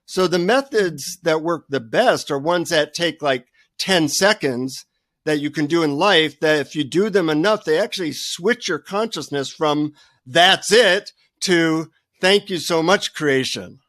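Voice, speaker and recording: An older man, a guest author, telling a self-deprecating story with lively energy in a radio interview. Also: on the high side, a little slow, no echo, clean studio sound.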